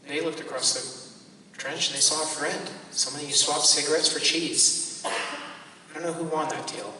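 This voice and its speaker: Priest preaching casual-style, bright voice, lots of ums and likes, echoey church from far off. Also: male voice, fairly high pitch, moderate pace, a little hiss or hum. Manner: conversational, many fillers and asides. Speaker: parish priest. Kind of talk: homily. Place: large church.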